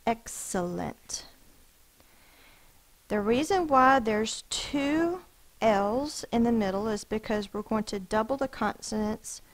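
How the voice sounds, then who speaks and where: A woman teacher slowly and patiently sounding out spelling words, letter by letter, for a class. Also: fairly high pitch, lively intonation, rough recording. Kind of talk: phonics lesson for children.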